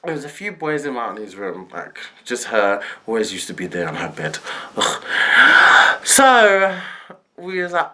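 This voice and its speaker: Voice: mid-range voice, big pitch swings, moderate pace, pushed and bright, a little hiss or hum. A young adult telling a storytime vlog, acting out every quoted person. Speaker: vlogger.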